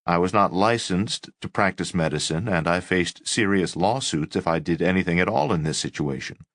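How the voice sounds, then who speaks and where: A man reading a first-person memoir aloud in an expressive narration. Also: low voice, normal speed, no room sound. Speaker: audiobook narrator. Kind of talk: scripted narration.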